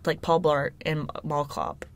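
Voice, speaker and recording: A woman's voice: low voice, level tone, unhurried, a crowd in the background. A young woman from Alabama with a Southern accent, co-hosting a casual chat and rambling with many fillers. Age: young adult. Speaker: podcast co-host.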